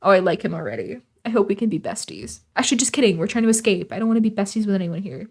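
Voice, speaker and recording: A woman's voice: medium pitch, darkish tone. A young woman reading a visual novel aloud and adding sarcastic, chatty jokes between lines. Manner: sarcastic, chatty, quick asides. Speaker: gaming channel host.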